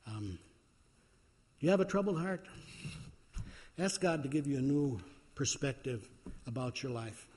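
A man's voice: medium pitch, a little mellow. A man as pastor, preaching a sermon in a folksy way with frequent fillers.

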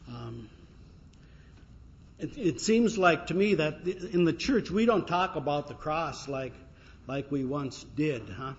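A man's voice: fairly high pitch, animated, slow, highs cut off. A man preaching a folksy sermon to his congregation, with jokes and frequent fillers. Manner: folksy, joking, with many fillers. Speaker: pastor.

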